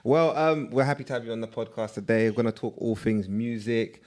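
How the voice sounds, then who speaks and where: A man's voice: mid-range voice, brisk, a little mellow. A man hosting a podcast in London, leading the talk with playful, hyped banter. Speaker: podcast host. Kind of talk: casual podcast chat.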